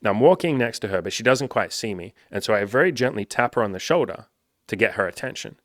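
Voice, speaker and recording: A man's voice: on the low side, lively intonation, quick pace, fairly bright tone, no echo, studio quality. A man, a dating coach, telling a story in a loose, chatty way, swearing freely and filling with "like". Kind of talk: casual storytelling to camera.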